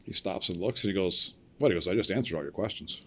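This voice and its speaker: A man's voice: deep voice, lively intonation, quick pace, a bit bright. A middle-aged man on a podcast telling a story casually, acting out the voices of the people in it and laughing along. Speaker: podcast guest, cable splicer.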